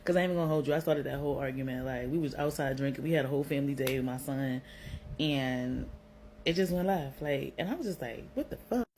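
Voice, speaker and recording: A woman's voice: rumbling low, steady tone, fast, a little mellow, a little hiss or hum, poor audio. A young woman from Brooklyn with a New York accent, telling a personal story in a candid, slangy way, swearing freely and filling her talk with "like.". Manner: blunt, slangy, swears freely, lots of "like" fillers.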